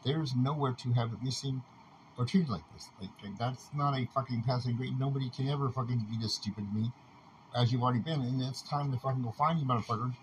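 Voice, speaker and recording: A man's voice: mid-range voice, fast talker. A man delivering a rambling solo rant, agitated and full of swearing. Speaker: podcaster. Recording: noisy ambient background.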